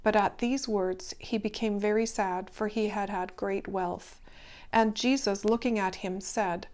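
A woman with a voice of ordinary pitch reads scripture aloud, unhurried and gentle. She is a devotional reader who finishes with a short blessing. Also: fairly even intonation. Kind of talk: scripture reading with closing blessing.

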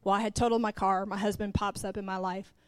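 She talks fast in a smooth, level, mid-range voice, with no room sound. A middle-aged preacher and pastor's wife at the pulpit, she recounts a personal story, acting out the dialogue and speaking right to the congregation.

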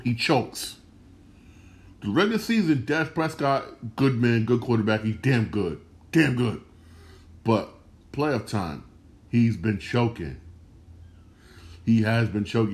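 A solo sports talk host talks slowly in an animated mid-range voice. Casual and slangy, he keeps repeating his points for emphasis and restarting phrases.

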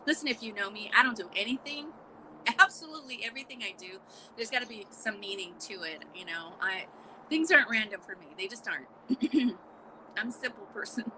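A woman hosting a casual live morning chat, exclamatory and chatty, with a scratchy throat she keeps clearing. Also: medium pitch, pushed and bright. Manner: chatty, exclamatory, frequent little laughs. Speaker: podcast host.

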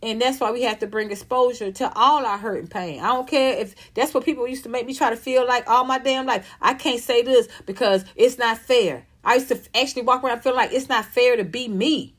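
Fifties woman venting on camera, kinda high pitched, cussing, stumbling and repeating herself. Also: steady tone, fairly quick, few pauses, fairly bright tone. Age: 50s. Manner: emphatic, profane, repeats herself. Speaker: vlogger. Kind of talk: ranting monologue.

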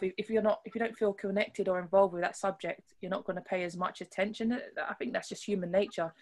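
Earnest woman rugby player in interview. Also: lowish voice. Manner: earnest, thoughtful, frequent restarts. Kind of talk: interview conversation.

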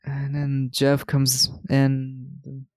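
With no room sound, a man with a mid-range, darkish voice co-hosts a casual podcast that recaps a film, retelling scenes with quoted lines and plenty of laughs. He speaks in a monotone, drawing out his words.

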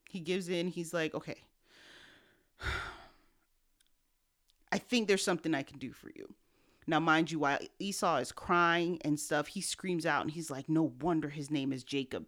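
A woman co-hosting a podcast, casually retelling a Bible story and acting out the characters' lines in everyday slang. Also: deep voice. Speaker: podcast co-host.

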